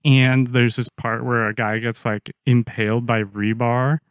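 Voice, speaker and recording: A man's voice: medium pitch, little pitch movement, a little slow, smooth. A man co-hosting a podcast, telling stories in casual chat with a loose, swearing manner. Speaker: podcast co-host.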